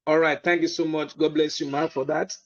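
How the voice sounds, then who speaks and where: A man hosting an online business meeting. He gives a motivational talk, keeps checking that listeners can hear him, and fills his pauses with "um". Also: on the high side, level tone, muffled recording. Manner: slow, deliberate delivery with many fillers.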